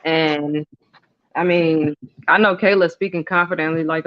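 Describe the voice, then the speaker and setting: A man's voice: a little high, a little slow. A man chatting casually as a recap co-host, thoughtful and hedging, with frequent "um"s. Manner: thoughtful and hedging, many "um"s and "I don't know"s. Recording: dull, lo-fi audio.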